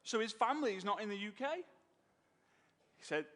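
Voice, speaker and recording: A man telling his business story on stage, animated and emotional, acting out what others said. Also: sits high, fairly quick. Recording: long hall reverb.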